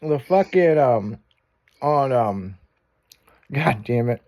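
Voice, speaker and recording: A man's voice: mid-range voice, expressive, takes it slowly, darkish tone. A man hosting a chat show, telling crude stories and laughing as he goes. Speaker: show host. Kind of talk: casual profane chat show banter.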